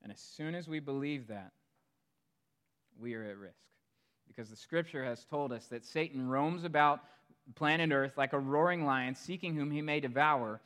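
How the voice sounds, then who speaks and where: A pastor preaching a sermon in a storytelling manner, swinging between hushed asides and emphatic, louder passages. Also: male voice, on the high side, normal speed.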